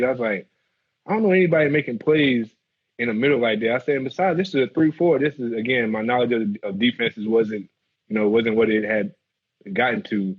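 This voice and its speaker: A man, a former football player telling animated stories in an interview. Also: medium pitch, fairly quick, slightly rough. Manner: animated storyteller acting out quotes. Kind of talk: storytelling interview. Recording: muffled lo-fi audio.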